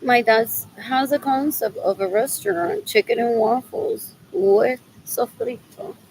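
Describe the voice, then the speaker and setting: High-voiced lady livestreaming, slow and rambly, kinda gravelly, faint hiss behind her. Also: darkish tone, poor audio. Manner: rambling, repeats herself while musing aloud.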